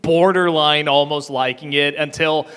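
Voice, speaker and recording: On a convention panel in a reverberant hall, a man with a scratchy throat fields audience questions through a handheld mic, chatting casually and often restarting and laughing. His voice sits a little high, with a steady, unhurried delivery and a clean, slightly bright tone.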